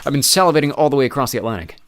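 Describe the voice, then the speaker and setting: A brash, loud middle-aged American tycoon, all bluster and swagger, performed by a man reading an audiobook. He pushes his lines out louder and higher than the surrounding narration. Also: expressive, racing, close to an everyday voice. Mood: brash, eager.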